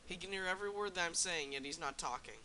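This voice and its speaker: Chatty male gaming host, excitable play-by-play, sharp and fairly high voice. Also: fast, slight background noise. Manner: excitable, chatty, talks straight to viewers. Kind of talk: gameplay commentary.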